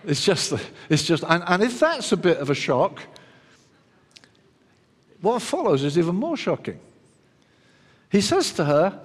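A man preaching a sermon in an animated way, acting out the quoted lines and often restarting his sentences. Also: high voice, measured pace, long pauses. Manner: animated, acts out quoted voices, frequent restarts. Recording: long hall reverb.

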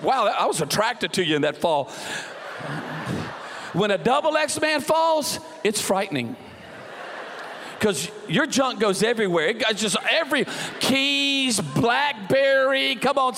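Preacher, man, high and animated, church reverb; storyteller who acts out characters. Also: a little hiss or hum. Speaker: pastor. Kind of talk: sermon with humorous story. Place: church hall. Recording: long church hall reverb.

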